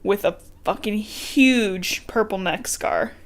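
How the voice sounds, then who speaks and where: A woman's voice: medium pitch, lively intonation, takes it slowly. A woman co-hosting a podcast, chatting casually about a book in a teasing way and laughing often. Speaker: podcast co-host.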